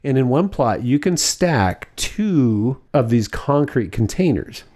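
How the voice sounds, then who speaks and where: A man co-hosting a podcast, talking things through in casual chat. His pitch rises and falls a great deal as he explains, and he pauses now and then to find his words. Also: sing-song, a little mellow. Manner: explains at length with fillers and restarts. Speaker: podcast co-host.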